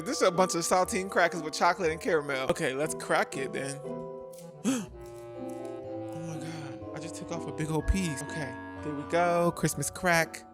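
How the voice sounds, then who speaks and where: A young man chatting on a casual vlog from his home kitchen, animated and playful. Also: fairly high pitch. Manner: animated, playful, slipping into comic voices. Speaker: vlogger.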